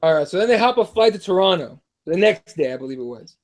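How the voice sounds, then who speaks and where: A man hosting a casual talk show, laid-back and chatty as he retells events and reads comments aloud. His voice is notably high for a man, and he swears freely. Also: animated, fast. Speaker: podcast host.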